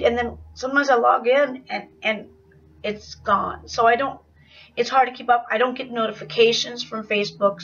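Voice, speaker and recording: A woman's voice: a little high, fairly bright tone. A middle-aged woman vlogging a candid, rambling video diary in a confessional manner. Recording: dull, slightly distant sound.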